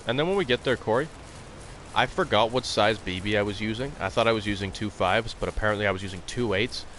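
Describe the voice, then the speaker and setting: A man's voice: lowish voice, quick pace, fairly bright tone, a little hiss or hum. A young man streaming a hunting game, chatting in a rambling, blunt and profane way. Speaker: gaming live streamer. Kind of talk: casual live-stream chat.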